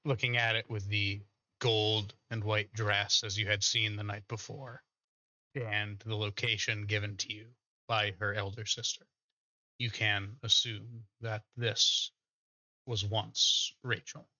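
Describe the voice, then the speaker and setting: A man narrating as game master of a tabletop game, pausing often with fillers. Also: fairly low pitch, little pitch movement, bright, forceful tone, no room sound. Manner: hesitant, many filler pauses. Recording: dull lo-fi mic.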